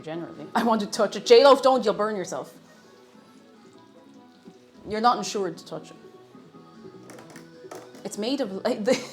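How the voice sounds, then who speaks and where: A woman chats casually to her live-stream audience while cooking. Her pitch swings up and down freely as she jokes, restarts and trails off mid-thought. Faint music plays underneath. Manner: chatty, self-interrupting, playful.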